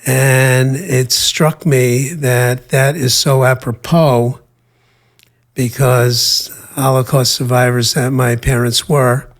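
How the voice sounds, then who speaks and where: An older man from the United States, a guest in an interview, telling his life story in a measured way with frequent pauses and fillers. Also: mid-range voice, flat delivery.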